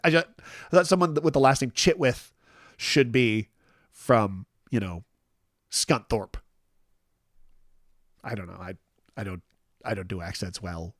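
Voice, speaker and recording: Casting note: a man near fifty, solo stream host, medium pitch, rambling and self-deprecating, dry close sound. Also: slow pace, long pauses, dry recording. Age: 40s. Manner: rambling, self-deprecating, many restarts and fillers. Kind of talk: casual live-stream chat.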